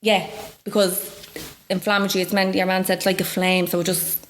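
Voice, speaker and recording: A woman in her thirties from Dublin speaks candidly in a broad local accent. She tells her story with lively re-enactments of what others said, her voice leaping high when quoting them, and nervous laughter breaks through now and then. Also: a little fast, slight background noise. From Ireland. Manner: animated, acts out voices with big pitch jumps, laughs nervously. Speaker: guest.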